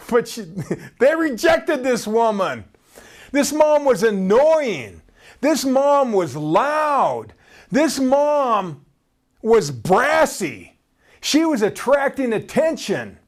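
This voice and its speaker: A man preaching a sermon in an animated way, asking his listeners questions and laughing between points. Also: extremely high pitch, drawn-out words, pauses often.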